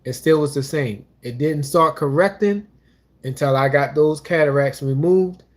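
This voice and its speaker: A man's voice: fairly high pitch, moderate pace. A man co-hosting a couples channel, talking casually and rambling about his life, with restarts and religious asides. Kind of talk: casual personal talk.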